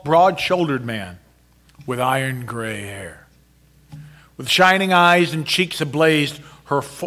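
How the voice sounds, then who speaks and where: A man narrating a story in a measured, dramatic reading style. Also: on the high side, a bit bright.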